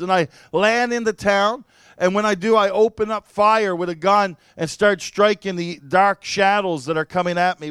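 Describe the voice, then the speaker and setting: A man preaches and tells his own story in an animated sermon, with laughter and sudden loud cries. His voice sits high and sounds smooth and resonant. It is recorded close and dry, with no room echo. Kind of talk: sermon testimony.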